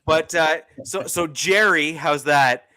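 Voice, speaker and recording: Canadian man, higher voice, dry sound. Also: takes it slowly, sharp tone, dry recording. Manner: hesitant, many fillers and restarts. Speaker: podcast co-host. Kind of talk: casual sports chat.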